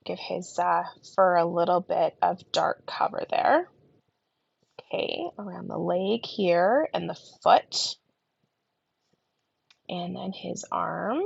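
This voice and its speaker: Woman craft instructor, gravelly and a bit husky, lingering cough, casual tutorial talk, dry lo-fi sound. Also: lowish voice, slow pace, pauses often, no echo. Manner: talks while colouring, often trailing into soft murmurs. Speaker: card-making instructor.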